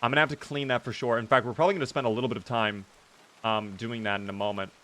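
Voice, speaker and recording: Young male streamer, mid-range voice, quick to react and chatty with his viewers. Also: medium pitch. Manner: excitable, reactive, thanks viewers often. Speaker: game streamer. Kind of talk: live gameplay commentary.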